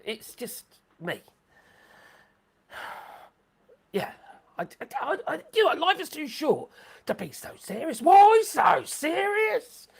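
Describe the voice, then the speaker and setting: A woman hosting a live stream in rambling chat, excitable, swearing freely and laughing a lot. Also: a little high, takes it slowly, vocal fry, long pauses, breathy edge.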